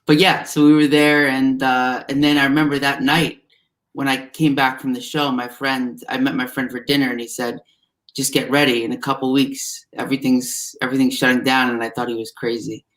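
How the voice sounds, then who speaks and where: A man's voice: medium pitch, little pitch movement, fairly quick, fairly bright tone. Easygoing recruiter man on a video call. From New Jersey. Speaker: guest, recruiter. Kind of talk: casual interview chat.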